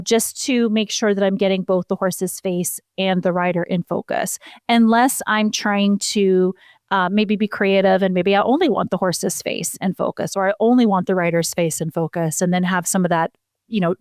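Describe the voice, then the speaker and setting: A woman's voice: mid-range voice, smooth, no echo, studio quality. A woman co-hosting a casual podcast, explaining horse photography in a chatty, self-deprecating way.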